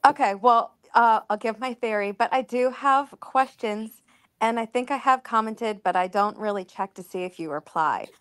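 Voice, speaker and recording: Hesitant woman caller with smooth voice. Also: fairly high pitch, moderate pace, fairly bright tone, dry recording. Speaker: viewer calling into a live stream. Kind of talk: casual live-stream chat.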